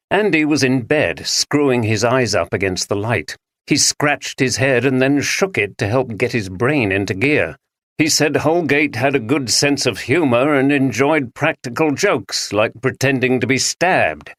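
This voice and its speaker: A man narrating a mystery audiobook in a measured, even storytelling manner. His voice sits in a middle pitch, and the recording is dry and close with no room sound. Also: dry recording.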